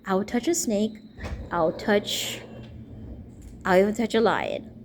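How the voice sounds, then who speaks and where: A woman's voice: mid-range voice, animated, takes it slowly. A young adult woman talking earnestly to camera in a rambling personal testimony, with a faint hiss behind her. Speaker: vlogger speaking to camera. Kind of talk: personal testimony and religious appeal.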